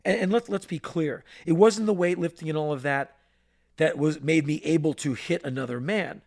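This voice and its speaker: A man co-hosting a podcast, spinning a long story in an animated way. His voice is gravelly and pitched a little high for a man. He acts out the voices and sound effects as he goes. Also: normal speed. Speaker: podcast co-host. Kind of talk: storytelling in casual chat.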